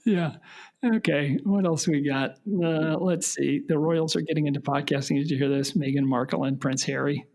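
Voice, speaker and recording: A man's voice: on the high side, steady tone, normal speed, gravelly, a little mellow. A middle-aged man hosting a comedy podcast with his sons, talking in a rambling, hesitant, self-deprecating way with many restarts. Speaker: podcast host, father of co-hosts. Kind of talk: casual comedic podcast chat.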